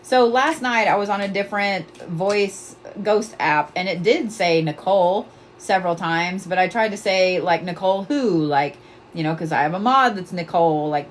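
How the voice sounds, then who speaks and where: A woman's voice: lowish voice, normal speed, a little hiss or hum. A woman hosting a psychic reading livestream, blunt and profane, laughing often and repeating her points with force. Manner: emphatic, repeats commands to the viewer. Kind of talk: casual livestream chat.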